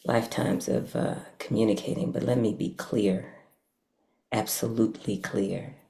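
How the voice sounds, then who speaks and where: A woman's voice: a bass voice, fairly even intonation, normal speed, creaky, dark tone. A woman giving heartfelt, emphatic thanks to her mentors, repeating phrases for weight.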